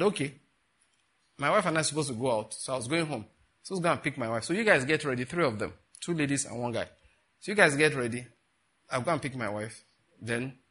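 Husky-voiced Nigerian pastor preaching. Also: male voice, medium pitch. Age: middle-aged. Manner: animated storyteller, bursts into laughing retellings. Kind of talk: sermon with storytelling.

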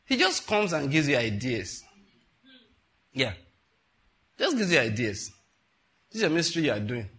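A man's voice: medium pitch, big pitch swings, normal speed, long pauses, fairly bright tone. A man preaching a sermon in a conversational way, with rhetorical questions and laughing asides. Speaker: pastor.

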